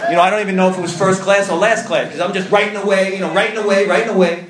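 A man speaking to a meeting, his voice on the higher side and bouncing around an echoey room. He tells his story with self-mocking humor and slips into other people's voices as he goes. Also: steady tone, racing. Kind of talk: personal storytelling to a live audience.

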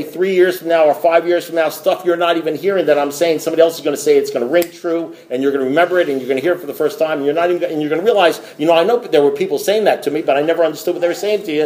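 Blunt rambling man, fast talk. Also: fairly high pitch, darkish tone. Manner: blunt, rambling, swears, repeats himself. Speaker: AA meeting speaker. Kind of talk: recovery talk to a group.

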